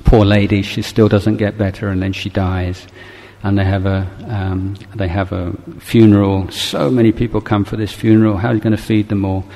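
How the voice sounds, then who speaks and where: A male Buddhist teacher gives a dharma talk in a low, even, unhurried voice, gentle and reflective and often pausing to find his words. His speech carries a long reverb, as if in a large hall.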